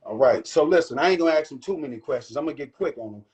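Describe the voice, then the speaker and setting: A man's voice: on the high side, lively intonation, racing, a little mellow. A man hosting a casual cooking show from his home kitchen, chatting loosely and talking straight to his viewers. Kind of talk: casual live cooking chat. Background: faint jazz music.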